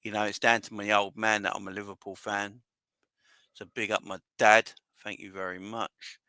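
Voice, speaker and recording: A man hosting a casual livestream, talking in a bright, forceful voice that wavers with emotion. He rambles excitedly and keeps shouting out viewers in the chat. The sound is dry and close. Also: lowish voice, normal speed, dry recording. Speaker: fan channel livestream host.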